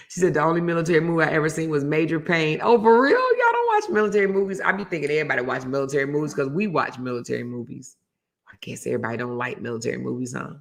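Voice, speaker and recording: A woman hosting a casual chat show, telling a story with animated energy and reading out viewer comments. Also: deep voice, quick pace, gravelly. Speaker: host.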